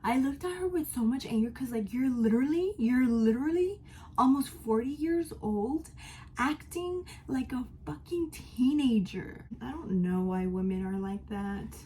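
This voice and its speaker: A woman's voice: a little high, lively intonation, unhurried, dark tone, a little hiss or hum, rough recording. A woman in her twenties chatting frankly to camera as she gets ready, telling her story with emphatic, casual talk. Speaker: vlogger. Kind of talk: candid life-update storytelling. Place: at home while getting ready.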